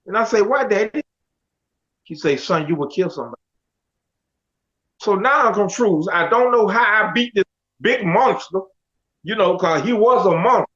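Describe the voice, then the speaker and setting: Middle-aged man, high voice, animated storyteller who acts out the dialogue, dull lo-fi audio. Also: moderate pace, pauses often. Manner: animated, quotes others in dialogue. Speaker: guest telling his life story. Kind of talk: casual storytelling.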